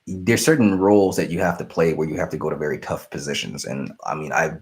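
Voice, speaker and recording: A man's voice: extremely low pitch, quick pace, darkish tone. A young man hosting a casual live stream, rambling and apologetic as he answers viewer questions. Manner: rambling, self-interrupting, apologetic.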